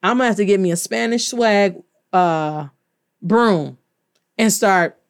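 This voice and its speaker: A woman from the United States, a teacher giving an animated language lesson, playful and slowly spelling words out letter by letter. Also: medium pitch. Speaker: Spanish teacher.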